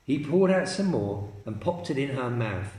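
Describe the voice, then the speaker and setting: A man teacher reading a children's story aloud in a slow, expressive storytelling manner. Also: mid-range voice, echoey room.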